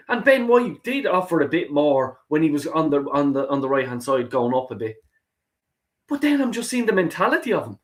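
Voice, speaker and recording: A man hosting a football call-in show. He rants in a fired-up way, swears constantly and stumbles over repeated words. His voice sits a bit high and swings widely in pitch. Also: fairly bright tone. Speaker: host of a football call-in stream. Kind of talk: heated fan rant.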